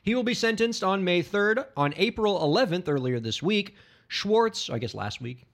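A man co-hosting a podcast in an easy, bantering way. His pitch sits a little high and moves around a lot as he explains and jokes. He comes across as chatty and relaxed. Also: moderate pace. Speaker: podcast co-host. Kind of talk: casual podcast chat.

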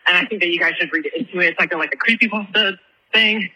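A man's voice: high-pitched, fast talker, pushed and bright, slightly rough, low-quality recording. A young man leaving a rambling, casual voicemail, full of ums and likes.

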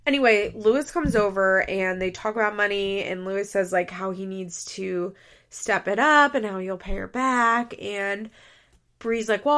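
A young woman hosts a podcast and talks through a reality TV episode in a loose, conversational recap. Her voice sits at a middle pitch with a gravelly, fry-heavy edge, and she peppers her sentences with "like" and small laughs. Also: a bit bright. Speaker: podcast host.

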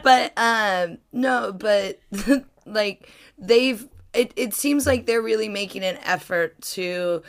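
Woman podcast host, casual chat, rambling, filler-heavy, mid-pitched voice. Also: slow pace. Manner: chatty, rambling, full of fillers, laughing.

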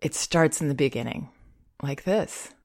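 Low-voiced calm woman giving advice. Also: a little slow. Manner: calm, gentle, reassuring, with soft laughs. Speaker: parenting advisor. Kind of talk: advice talk.

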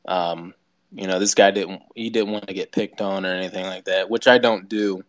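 A man, a stand-up comedian talking as a podcast guest, in a low-key, hesitant way with many fillers. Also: steady tone, moderate pace, no room sound, clean studio sound. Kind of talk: casual interview chat.

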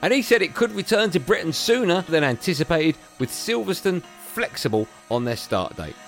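A man's voice: sits high, big pitch swings, moderate pace, over music. A man hosting a radio sports roundup, playful and self-mocking, his sentences rising at the ends. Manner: playful, self-mocking, sing-song rises. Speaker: radio sports show host.

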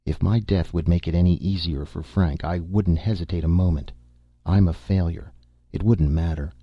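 A man's voice: low voice, steady tone, normal speed, breathy edge, no echo, highs cut off. A man reading the part of a gloomy, brooding middle-aged father who speaks impatiently and bitterly.

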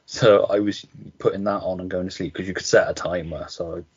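A man's voice: deep voice, fairly even intonation, a little fast, slightly rough, dull audio. A man co-hosting a podcast over a video call, chatting candidly, swearing and laughing through his stories. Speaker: podcast co-host.

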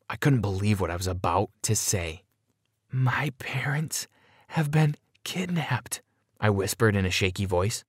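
A man's voice: fairly low pitch, no echo, studio quality. A man giving scripted first-person narration of a dramatic story in an earnest, dramatic storytelling manner.

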